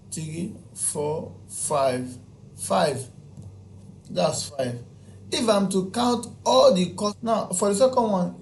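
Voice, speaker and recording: Man, tutorial narration, slow, fairly high voice, counts aloud, repeats himself, faint background hiss. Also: darkish tone. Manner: counts aloud item by item, repeats points and asks himself questions. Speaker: spreadsheet tutor. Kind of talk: screen-recorded software tutorial.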